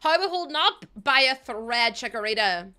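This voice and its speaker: A woman's voice: a little high, expressive, normal speed, sharp tone, smooth. A woman streaming a game, chatting with viewers in a rambling, laughing way. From Ireland. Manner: rambling, chatty, laughs often, talks to chat. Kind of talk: casual livestream chat while playing.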